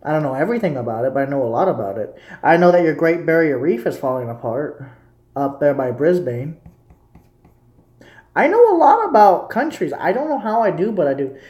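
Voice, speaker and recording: A man's voice: a little high, sing-song, a little fast, a little mellow, reverberant. A young man casually rambling to his viewers as a streamer. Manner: rambling, repetitive, talking to viewers. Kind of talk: casual live commentary.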